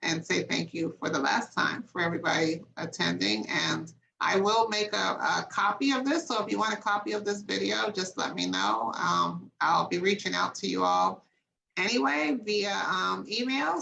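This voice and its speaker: A woman hosts a group video call and wraps it up by thanking everyone. Her voice is strongly gravelly yet bright and sits a little low, with a faint hiss of background noise. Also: animated, moderate pace, low-quality recording. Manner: friendly wrap-up, thanks attendees. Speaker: host.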